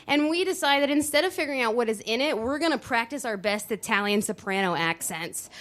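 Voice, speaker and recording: A woman telling a personal story on stage at a live show, animated, with dramatic pauses and voice shifts. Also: a little high. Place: dance studio venue, live show.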